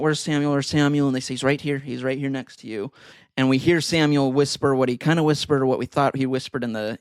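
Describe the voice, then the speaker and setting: A man's voice: medium pitch, clean tone, no room sound, clean studio sound. Man casually recapping a horror film. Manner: rambling, loose retelling with fillers and self-corrections. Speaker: podcast co-host. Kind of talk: casual movie plot recap.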